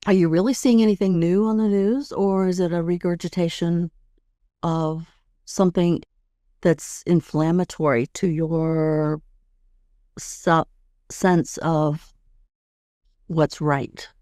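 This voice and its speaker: A middle-aged woman hosting a podcast, calmly guiding listeners step by step through a tapping routine and often checking in with "right?". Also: on the low side, slow pace, pauses often, no echo, clean studio sound. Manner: calm, guiding, demonstrates steps. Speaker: podcast host and tapping coach. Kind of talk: instructional podcast talk.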